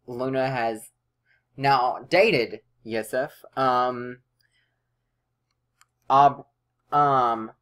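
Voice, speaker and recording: A woman's voice: extremely low pitch, very slow, long pauses, fairly bright tone. A woman casually commenting on a life-simulation game she is playing, chatty and playful, sometimes voicing her characters' lines. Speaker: let's play host.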